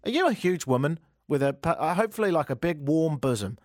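Hosting a talk radio show from a radio studio, a man riffs through the news in a sarcastic, ranting comic monologue, swinging from mutters to loud exclamations. His voice is on the high side, expressive and quick, with hardly any pauses, and the recording is dry and studio quality.

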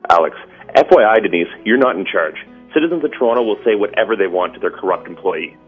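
A curt, sneering male commenter, read by a man. His voice is low and husky. It comes through a dull, lo-fi line with faint music behind. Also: expressive, quick pace. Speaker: listener volunteering as voice actor.

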